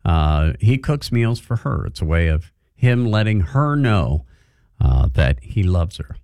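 A man's voice: low voice, very animated, unhurried, darkish tone, no echo, studio quality. A man hosting a morning radio show, chatting casually and laughing easily. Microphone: studio mic.

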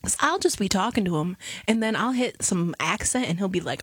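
Chatty young woman radio DJ, husky. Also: medium pitch, normal speed, hardly any pauses, no room sound. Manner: chatty, animated, self-mocking. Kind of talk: casual radio chat between songs.

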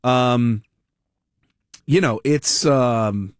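A man hosting a political talk radio show, giving animated, rambling, sarcastic commentary. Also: medium pitch, very slow, clean tone, dry recording, studio quality.

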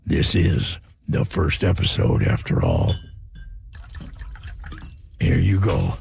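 A gritty, growly Mother Nature, voiced by a man in a podcast drama, angry, worn out and fond of her whiskey. The voice sits very low, with heavy fry, and drawls slowly while swinging widely in pitch. A faint hiss sits under it. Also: sing-song, darkish tone, full character voice. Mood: gravelly toasting. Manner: slow, drawling, half-whispered toasts.

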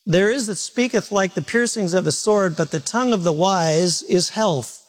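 A man's voice: high-pitched, normal speed. A man preaching a sermon to a congregation, talking to them directly with questions and joking about himself. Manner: self-mocking humorous asides. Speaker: pastor. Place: church service before a congregation.

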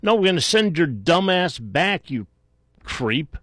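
A man hosting a call-in radio show, talking bluntly with many restarts and quick bursts. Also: on the high side, very animated, fairly bright tone, no room sound, studio quality. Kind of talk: talk radio chat.

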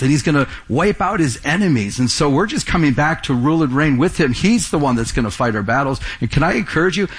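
A man's voice: mid-range voice, breathy edge. A man pastor preaching a verse-by-verse sermon in a conversational way, often repeating words and asking the congregation questions.

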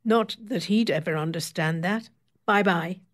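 A woman's voice: fairly low pitch, a little slow. A woman voicing a beautician in her fifties who speaks in a tart, sweetly cutting way.

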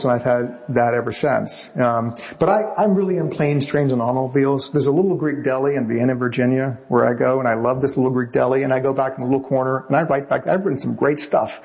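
Man, novelist guest, wry anecdotes, chatty, mid pitch, dull muffled audio. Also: gravelly, a little mellow. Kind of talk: anecdotal storytelling.

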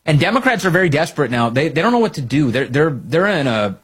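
A husky-voiced man hosting a political commentary monologue, his delivery sarcastic and mocking. His pitch swings widely as he hammers his points with emphatic stress. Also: sing-song, fast, fairly bright tone. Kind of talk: opinion monologue.

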